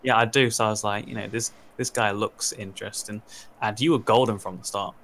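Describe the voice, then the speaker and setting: A man's voice: fairly low pitch, steady tone, brisk, fairly bright tone. A man co-hosting a gaming podcast, reminiscing casually with self-deprecating jokes. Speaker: podcast co-host. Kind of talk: casual chat.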